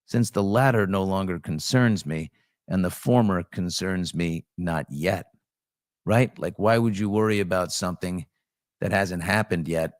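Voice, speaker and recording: Male host, low voice, dry close sound, rambling casual commentary with plenty of ums. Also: measured pace, no room sound. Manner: chatty, off-the-cuff, frequent ums and restarts. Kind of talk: casual morning chat reading viewer comments.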